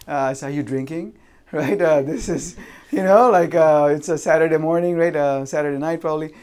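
A man speaking into a stage microphone at a seminar, his voice pitched a touch higher than most men's. He tells a personal story in a loose, conversational way and keeps tagging his sentences with "right?". He often breaks off and restarts with "uh" and "um". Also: darkish tone. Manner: pauses and restarts with fillers. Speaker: seminar speaker on insurance and real estate. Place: lives in Vancouver.

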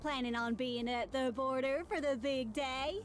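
A woman's voice: high voice, steady tone, unhurried. An actress playing a brash, glamorous female TV news reporter who calls people sugar and honey. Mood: chatty. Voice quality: flirty, brassy, calls others sugar and honey.

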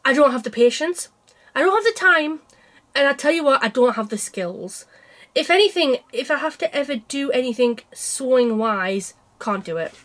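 A woman with a bright, high speaking voice chats to camera about her cross-stitch work. She teases herself and laughs often, and she is getting over a cold. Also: lively intonation, normal speed. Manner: chatty and self-mocking, laughs often. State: unwell with a cold. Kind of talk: casual chat to camera.

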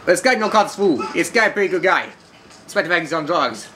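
A man's voice: sits high, lively intonation, fairly quick, bright, forceful tone. A man casually commentating over gameplay, joking and riffing, sometimes in mock broken English. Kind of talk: casual let's-play commentary.

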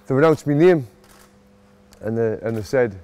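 A man's voice: medium pitch, lively intonation, moderate pace, warm tone. A man in his thirties with a Sunderland accent, talking casually and emotionally in a vlog from a football stadium. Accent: Sunderland (Mackem). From Sunderland, England. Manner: emotional, chatty, self-mocking. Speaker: boxing coach and vlogger.

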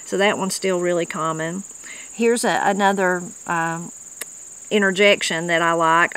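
A woman from Appalachia, in western North Carolina, hosts a casual explanatory talk on regional words, her accent folksy and conversational as she now and then reads dictionary entries aloud. Her lowish voice is steady, measured, a bit bright and clean, though the recording is low quality.

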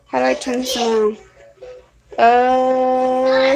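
A woman's voice: high-pitched, little pitch movement, slow pace, gravelly, music in the background, rough recording. A woman chatting casually on a home live stream, apologetic and rambling, with lots of ums and restarts. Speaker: vlogger. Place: at home, hot room. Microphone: phone or webcam.

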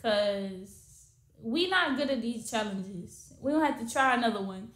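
A woman's voice: fairly high pitch, expressive, measured pace, a bit bright, roomy sound. A young woman co-hosting a reaction video, talking in blunt, slangy, laughing banter. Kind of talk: casual reaction chat.

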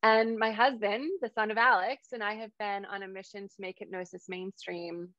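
A woman's voice: mid-range voice, fairly even intonation, normal speed, fairly bright tone, no echo, dull audio. A woman in her thirties, a hypnotherapist, telling a personal story as a guest speaker and acting out the lines she quotes. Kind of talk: storytelling talk on a video call.

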